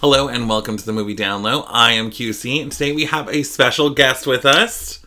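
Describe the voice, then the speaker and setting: A young man from Idaho hosting a casual movie podcast, chatty and quick to laugh. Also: medium pitch, steady tone, sharp tone. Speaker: podcast host. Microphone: headphones and podcast mic.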